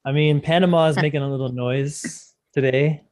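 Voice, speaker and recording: A man's voice: on the high side, steady tone, normal speed, a little mellow. A man as a guest in a casual livestream chat, explaining ideas thoughtfully.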